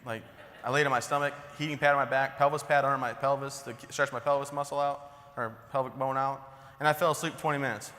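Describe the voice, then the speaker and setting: A man's voice: medium pitch, steady tone, quick pace, bright, forceful tone, a little hiss or hum. A man in his thirties giving a humorous, self-deprecating motivational keynote in a conversational, joking way. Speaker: motivational speaker. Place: large conference hall. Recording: long hall reverb.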